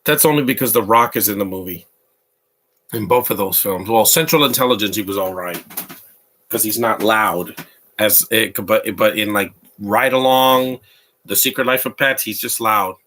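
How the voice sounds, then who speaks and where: A man's voice: lowish voice, moderate pace, bright, forceful tone. A man giving casual live commentary on a movie, rambling and opinionated as he answers his chat. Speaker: live watch-along commentator.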